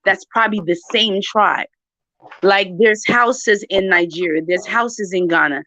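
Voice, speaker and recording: A woman's voice: mid-range voice, a little slow, pushed and bright. A woman, talking emphatically and directly to her viewers in a casual chat. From New York. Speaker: channel host. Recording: dry, dull lo-fi sound.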